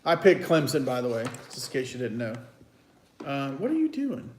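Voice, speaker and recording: A man's voice: mid-range voice, wildly swooping pitch, moderate pace, darkish tone, a little hiss or hum. A man hosting a casual, teasing sports picks chat at home. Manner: chatty, teasing, loose and rambling. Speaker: host. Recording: echoey room.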